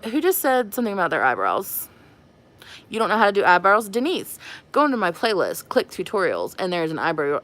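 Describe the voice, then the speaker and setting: A woman's voice: lowish voice, fairly bright tone. A woman hosting a makeup livestream, chatting casually and giggling as she answers her viewers. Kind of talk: casual live-stream chat with viewers.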